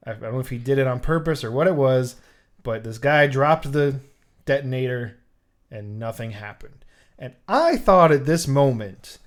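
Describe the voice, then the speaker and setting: A man's voice: medium pitch, moderate pace. A man co-hosting a casual movie review podcast, telling the plot with animation and frequent restarts and fillers. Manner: animated storyteller, lots of "like" and restarts. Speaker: podcast co-host.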